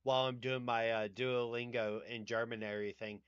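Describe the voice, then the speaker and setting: A man's voice: medium pitch, little pitch movement, fairly quick, fairly bright tone, clean tone, no room sound, muffled recording. A man with a Southern US accent, hosting a livestream in casual, rambling chat and swearing casually. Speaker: livestream host.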